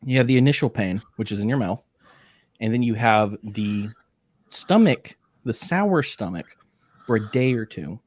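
A man's voice: on the low side, expressive, normal speed, a little mellow, dry recording, studio quality. A man hosting a podcast in casual chat, joking around and talking while chewing spicy jerky. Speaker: podcast host.

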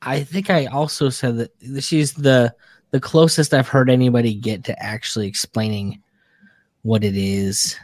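Man, podcast guest, rambling explainer, mid pitch, dry sound. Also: fairly even intonation, moderate pace, darkish tone, no echo. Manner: chatty, self-correcting, explains. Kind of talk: casual chat.

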